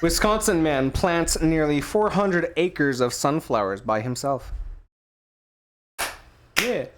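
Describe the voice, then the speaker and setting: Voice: medium pitch, animated, takes it slowly, noisy background. A podcast co-host reading news headlines aloud in a casual, profane, joking chat. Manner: playful, profane, acts out scenes in funny voices.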